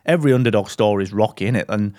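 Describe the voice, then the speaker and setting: A man co-hosting a podcast, chatting in jokey, animated banter. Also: fairly low pitch, racing, dry recording, studio quality. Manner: jokey, animated, slips into mock impressions. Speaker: podcast co-host. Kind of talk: casual banter.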